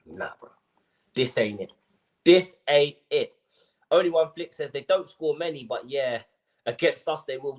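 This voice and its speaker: A young man hosting a football fan livestream, ranting casually with lots of slang and repetition. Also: on the high side. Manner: animated ranting, slangy, repeats himself.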